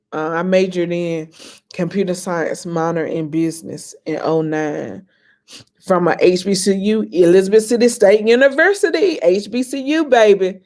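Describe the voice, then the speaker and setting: A woman's voice: lowish voice, a little mellow. A woman in her thirties talks straight to her viewers in a loose, chatty vlog. She calls them "y'all" and "honey" and lingers over her memories with open emotion. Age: 30s. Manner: emotional, reminiscing. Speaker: inspirational vlogger. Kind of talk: casual chat to viewers.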